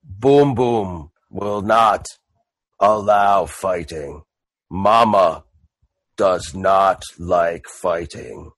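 A man's voice: sits low, extremely slow, fairly bright tone, dry recording, pitched below the performer's own voice, heavily acted. A man voicing a simple-spoken hulking male warrior who talks about himself in the third person in broken speech. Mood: stern.

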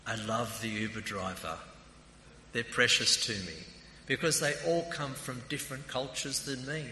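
Australian man, preacher, conversational sermon, sharp bright voice, echoey hall, lingering reverb. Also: medium pitch, steady tone, moderate pace. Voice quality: introverted by nature. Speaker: preacher and theological college principal. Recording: echoey hall with long reverb, faint noise.

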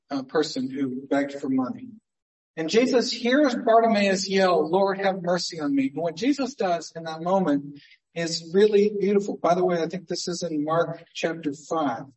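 A man preaching a sermon as pastor, conversational, moving between emphatic stresses and hushed asides. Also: a little high, recorded from a distance, poor audio.

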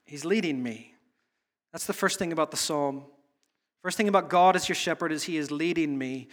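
A man's voice: a little high, fairly bright tone. A man preaching a sermon in an earnest, searching way, often restarting his phrases. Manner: earnest, repetitive, halting restarts. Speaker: pastor.

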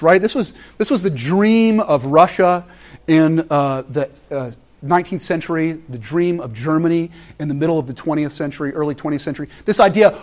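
A man preaching a sermon, animated and conversational, acting out quoted voices and laughing often. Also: a little high, moderate pace. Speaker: pastor.

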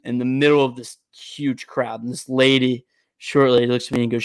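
A young man, co-hosting a casual sports podcast, telling stories with animated, profane energy. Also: medium pitch, a little fast, smooth, dry recording. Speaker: podcast co-host.

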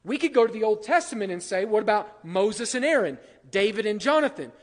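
A man with a high-pitched voice preaches a sermon and talks it through with the congregation, turning to them with questions. The sound rings with the long echo of a church hall. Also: very animated, a little fast. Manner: conversational, asks the congregation questions. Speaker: pastor.

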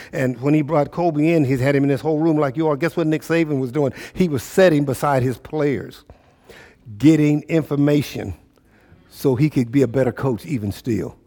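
A male pastor preaching a sermon, calling out to the congregation and swinging between shouts and low murmurs. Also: creaky, slightly rough, in a large hall. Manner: preaching with call-and-response, rising and falling intensity.

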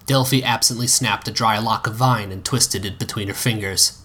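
A man's voice: lowish voice, steady tone, normal speed, sharp tone, husky. A man narrating a story aloud, reading steadily with occasional slips and restarts.

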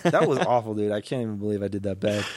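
A young man co-hosting a podcast in casual chat, talking quickly and mumbling a bit, nervous, his voice cracking. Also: on the low side, expressive, a little mellow, dry recording. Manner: fast, mumbling delivery, self-critical. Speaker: podcast co-host. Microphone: studio microphone.

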